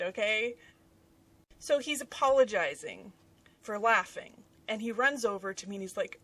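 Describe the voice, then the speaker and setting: A woman in her thirties telling a story casually at her desk at home, animated and dramatic, with big swings in loudness. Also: fairly high pitch, normal speed, no room sound, recorded from a distance. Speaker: author and YouTuber.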